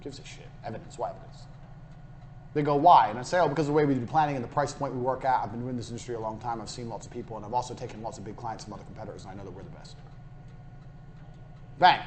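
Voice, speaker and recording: A brash young British man delivers a motivational business lesson, blunt and peppered with swearing. He acts out quick sales exchanges as he goes. A faint hum of noise sits under his voice. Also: medium pitch, steady tone. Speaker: business course speaker. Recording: faint background noise, played in a game server.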